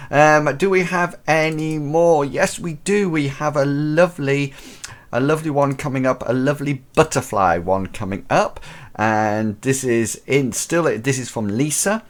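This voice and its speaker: A man's voice: mid-range voice, measured pace. Male host, chatty and upbeat, mid-range voice, casual live-show commentary. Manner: chatty, enthusiastic, full of fillers and restarts.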